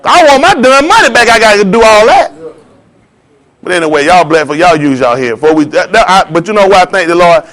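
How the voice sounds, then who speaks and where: A man delivering a heated, preachy monologue in slangy street talk, swinging between loud jabs and low asides. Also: expressive, brisk. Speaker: vlogger. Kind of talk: ranting commentary monologue.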